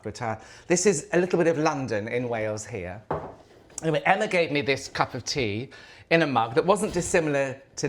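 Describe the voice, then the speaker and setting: A man's voice: medium pitch, a bit bright. A man chatting casually to camera as a lifestyle vlogger, effusive and chatty, in the kitchen of an old house.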